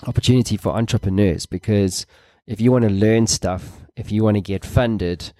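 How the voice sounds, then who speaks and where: A man hosts a casual podcast interview, wandering loosely through his thoughts with the odd swear word. His voice sits low and dark. The sound is dry and close. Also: steady tone, moderate pace, no echo. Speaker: podcast host.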